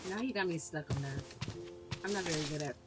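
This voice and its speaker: A woman's voice: sits low, fast, loud music behind the voice. A woman streaming a game, chatting casually with viewers and laughing easily as she plays. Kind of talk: casual gameplay commentary.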